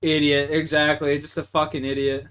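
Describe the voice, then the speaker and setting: Streaming a game, this young Canadian-accented man talks at normal speed in a monotone, higher-pitched voice with a clean tone. His casual chat is profane and ranty, lurching from loud to mumbled.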